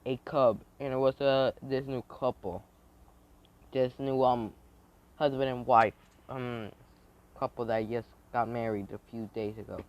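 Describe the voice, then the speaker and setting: A man's voice: mid-range voice, fairly even intonation, unhurried. A man telling an improvised fan story in a rambling, hesitant way, with many restarts, on a dull lo-fi recording.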